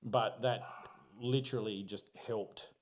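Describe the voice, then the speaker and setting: An Australian man telling a spooky personal story on a podcast in a casual, profane, animated way, acting out his own reactions. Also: on the low side, a little slow, a little hiss or hum.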